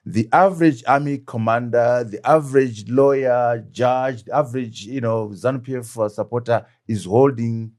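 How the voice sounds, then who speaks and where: A man's voice: mid-range voice, fairly even intonation, moderate pace, hardly any pauses, a little mellow. Middle-aged zimbabwean guy, interview guest, punchy and emphatic, asks himself questions then answers them. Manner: emphatic, rhetorical questions, acts out dialogue. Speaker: interview guest, former deputy prime minister. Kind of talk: animated political interview.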